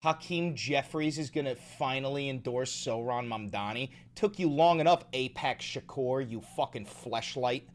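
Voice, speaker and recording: A man hosting a casual livestream, ranting fast and swearing often while he reads the chat. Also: medium pitch. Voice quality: profane, rapid ranting. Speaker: livestream host.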